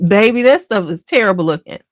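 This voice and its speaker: A sassy woman with a Chicago accent chats casually to her viewers, her pitch leaping up and down with big expression. She talks slowly and takes her time. The recording is dry and close, with no room sound. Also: no echo. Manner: animated, sassy, swings into high exaggerated quotes. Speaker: beauty channel host. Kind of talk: casual chat to camera.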